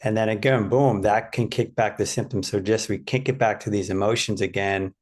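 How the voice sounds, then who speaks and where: A man's voice: lowish voice, fairly even intonation, moderate pace. A man hosting an interview as a physical therapist, reflecting on and emphatically explaining what his guest says.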